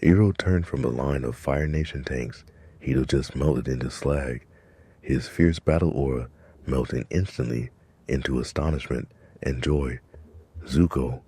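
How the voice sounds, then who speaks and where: Brief: male storyteller, very low and dark, measured dramatic narration. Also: slightly rough, no echo. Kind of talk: scripted narration.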